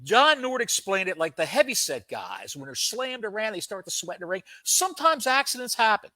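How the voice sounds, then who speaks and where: A man co-hosting a podcast, telling a story in a casual, comic way with dramatic pauses. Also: high-pitched, very animated, bright, forceful tone, no echo. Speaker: podcast co-host.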